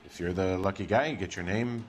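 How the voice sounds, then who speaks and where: A man's voice: deep voice, a little fast, lightly acted. An actor playing an uneasy, apologetic man being questioned in a detective game. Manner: apologetic, evasive. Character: uneasy middle-aged male promoter. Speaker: game character.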